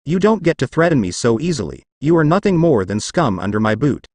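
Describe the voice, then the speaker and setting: A man voicing an arrogant, fierce female alien warrior villain in a fan fiction audio story, sneering and shouting. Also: mid-range voice, very animated, brisk, dry recording. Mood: raging.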